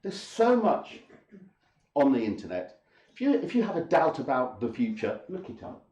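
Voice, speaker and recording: A man's voice: mid-range voice, huge pitch swings, moderate pace, mellow, lo-fi sound. A man lecturing an audience as an English teacher in a hall, speaking emphatically, with repetition and rhetorical questions. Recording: echoey hall.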